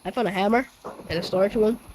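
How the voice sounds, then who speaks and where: A woman narrating a playful game role-play in an animated way, voicing several characters in turn. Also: medium pitch, fast talker, noisy background. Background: clear background music.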